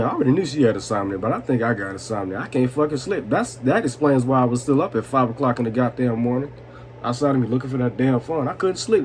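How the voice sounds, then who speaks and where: A man's voice: medium pitch, a little mellow, slight background noise. Tipsy young man telling a story. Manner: loose, swearing, laughing, asks "you know what I'm saying". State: tipsy from vodka. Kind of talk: drunk storytime, casual and profane.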